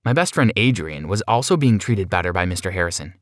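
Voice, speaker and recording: A man narrates a first-person story in a plain, conversational manner. His voice sits low. The recording is close and dry, with no room sound. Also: big pitch swings, fast, no room sound.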